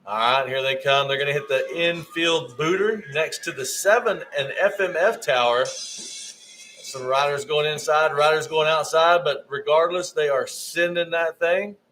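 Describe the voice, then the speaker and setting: A man's voice: fairly high pitch, measured pace, bright, forceful tone, a little hiss or hum, rough recording. A man giving live race commentary, often stumbling over rider names and correcting himself.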